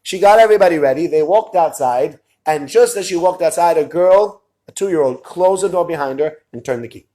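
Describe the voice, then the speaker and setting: A man with a fairly high voice tells a story in relaxed, casual talk. He is animated and drops into low, quiet tones whenever he quotes someone else. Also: a little fast, few pauses. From lives in Israel. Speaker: speaker telling a story.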